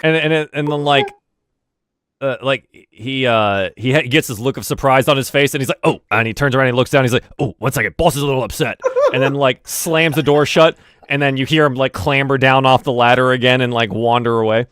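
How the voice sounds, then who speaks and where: A man's voice: mid-range voice, fairly quick, fairly bright tone, clean tone, no room sound, studio quality. A man narrating as game master, rambling with many fillers and restarts.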